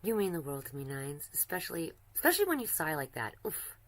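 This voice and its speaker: A woman's voice: sits low, sing-song, fast talker, fairly bright tone. A woman livestreaming, chatting flirtily with a chatbot, rambling and restarting her sentences. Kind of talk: casual chat with a chatbot while drawing.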